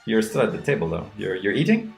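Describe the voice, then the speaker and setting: A man's voice: on the low side, big pitch swings, fast talker, creaky, a little mellow, soft background music. A man playing a tabletop game online, teasing the game master and laughing often. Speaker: player. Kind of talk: casual game chat.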